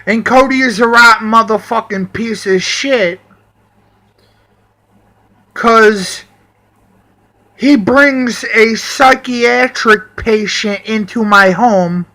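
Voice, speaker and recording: Heated and profane, a man vlogs an angry personal rant about the people who stayed at his place. His voice is high and sharp, and he drags out his words.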